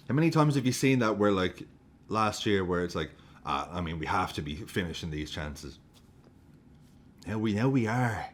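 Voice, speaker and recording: A man reviewing a football match, excitable and sweary, often breaking into laughter as he gushes. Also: on the low side. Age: adult with a young daughter. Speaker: football fan vlogger.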